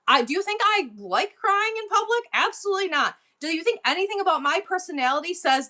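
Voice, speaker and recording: A woman's voice: high-pitched, sing-song, fairly quick, hardly any pauses, bright, forceful tone. A middle-aged woman hosting a livestream sale, talking in a worked-up, rambling and emotional way. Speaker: livestream seller. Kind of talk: casual livestream chat.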